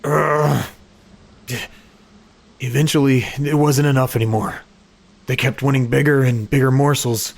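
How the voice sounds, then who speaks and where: A man playing a tormented cursed husband, gravelly and husky. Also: medium pitch, steady tone. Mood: tormented confession. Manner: pleading, halting confession with stammered restarts. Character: anguished young husband, secretly cursed, turning monstrous. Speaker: voice actor in a horror audio story.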